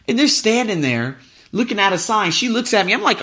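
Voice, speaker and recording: A man's voice: high-pitched, big pitch swings, fairly quick, pushed and bright. A man hosting a podcast, telling a travel story in a casual, profane, ranting way. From United States. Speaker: podcast host.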